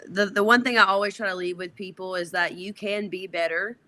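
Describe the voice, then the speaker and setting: A woman's voice: medium pitch, steady tone, brisk, pushed and bright. Brief: female guest, mid-range voice, upbeat motivational tone. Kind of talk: casual podcast chat.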